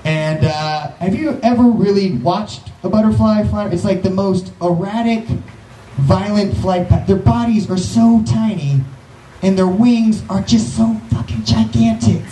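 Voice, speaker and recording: Male comic, high voice, rambling self-mockery, recorded in a roomy space from afar. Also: unhurried, warm tone. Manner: self-mocking, rambling asides. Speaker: stand-up comedian. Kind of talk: live stand-up comedy. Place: small live venue. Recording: echoey room, mic far off.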